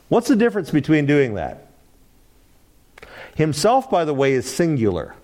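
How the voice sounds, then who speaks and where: A man's voice: a little high, measured pace, long pauses. A man teaching a Bible study class, lecturing and asking the group questions. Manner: animated, asks the class questions, laughs lightly.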